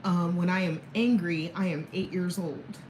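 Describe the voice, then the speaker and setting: A woman's voice: lowish voice, fairly even intonation, normal speed, background noise. A woman in her thirties rambling candidly to camera in a casual personal vlog, chuckling between thoughts. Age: 30s. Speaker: vlogger. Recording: echoey room, faint background ambience.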